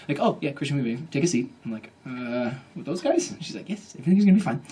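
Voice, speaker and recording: At a book event, a man in his thirties tells a comic story to an audience, animated and self-mocking as he acts out his own inner voice. He speaks a little high and fast with few pauses, over a slight hiss or hum.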